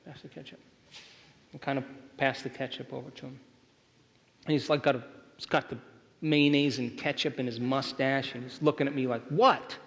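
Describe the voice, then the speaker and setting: A man's voice: mid-range voice, little pitch movement, fairly quick. Emphatic man lecturing in a reverberant hall. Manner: emphatic, keeps checking in with the audience. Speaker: workshop speaker. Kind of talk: motivational lecture to a live audience.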